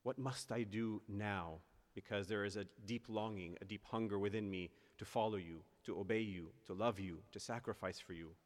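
A male priest giving a sermon in an earnest way, rising to emphatic peaks and slowing down on key phrases. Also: fairly low pitch. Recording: long church reverb.

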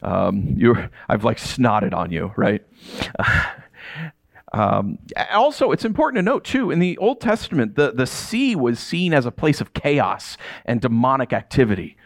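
Animated male preacher telling stories. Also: medium pitch, measured pace, gravelly. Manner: storytelling, animated, acts out dialogue. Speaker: pastor. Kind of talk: sermon.

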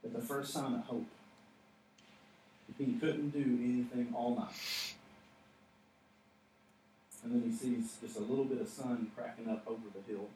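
A man's voice: mid-range voice, fairly even intonation, a little slow, long pauses, darkish tone, far from the mic. A man preaching a sermon, who tells the story and builds to emphatic points with laughing asides. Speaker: pastor. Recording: echoey hall, off-mic, faint noise.

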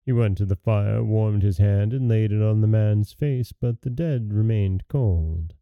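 A man hosting a podcast, calmly reading a fairy tale aloud in a measured way. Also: fairly low pitch, creaky, no echo, narrow, tinny audio. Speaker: podcast host and storyteller. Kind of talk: scripted storybook narration.

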